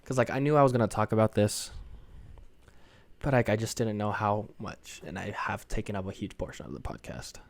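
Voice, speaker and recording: A man's voice: fairly low pitch, a little fast, gravelly, dry recording. Rambling, hesitant young man, dry sound. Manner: rambling and hesitant, many fillers and restarts; self-conscious, says his voice sounds monotone. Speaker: podcast host. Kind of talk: casual solo podcast monologue. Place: home room with parents down the hallway.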